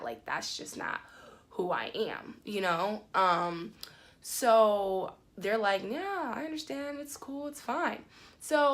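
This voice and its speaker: Animated young woman telling a story. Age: young adult. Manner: animated, rising high when indignant, many "like" and "um" fillers. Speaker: vlogger. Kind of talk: casual storytime vlog.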